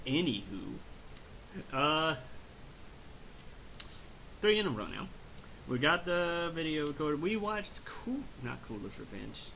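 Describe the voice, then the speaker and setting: An animated man chats through a movie recap, bouncing his voice up and down as he slips into silly voices. His tone is bright and forceful, and he sits a little higher than most men. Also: slow pace, gravelly, pauses often, slight background noise, rough recording. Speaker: movie review podcast host. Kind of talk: casual review chat.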